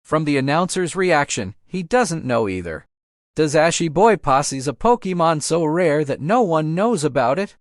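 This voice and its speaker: Smug cocky young rival trainer, taunting and sure of himself, bright voice, dry close sound, put on by a man reading a story. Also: fairly high pitch, very animated, moderate pace, dry recording. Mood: rattled. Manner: taunting, self-assured.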